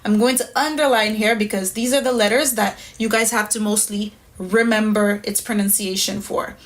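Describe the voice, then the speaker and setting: A woman's voice: mid-range voice, fairly even intonation, moderate pace. A woman teaching a pronunciation lesson step by step, patient and methodical, often checking in with "right?". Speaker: language teacher.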